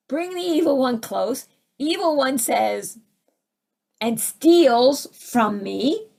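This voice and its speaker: A middle-aged woman, a spiritual teacher and counselor, giving an animated talk full of rhetorical questions. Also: on the high side, measured pace, gravelly. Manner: animated, acts out quoted voices, rhetorical questions.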